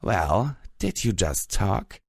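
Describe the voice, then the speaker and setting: A man's voice: deep voice, animated, a little slow, dry recording, clean studio sound, full character voice. A man voicing a spiteful, menacing female pony bully in an audiobook, with a sneering, taunting delivery.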